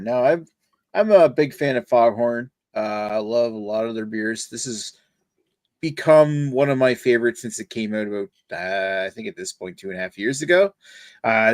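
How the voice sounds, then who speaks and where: A man's voice: medium pitch, no echo. A man chatting casually on a beer podcast, talking through a can and its label. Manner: chatty, reads can copy aloud with a hammed-up Canadian twang. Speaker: podcast panelist reviewing beer. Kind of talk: casual chat.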